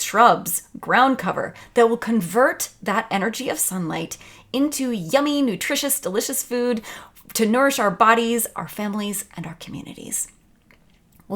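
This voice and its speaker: A woman teaching a video lesson on creativity, talking in an enthusiastic, conversational way. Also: fairly high pitch. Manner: enthusiastic, conversational, acts out quotes.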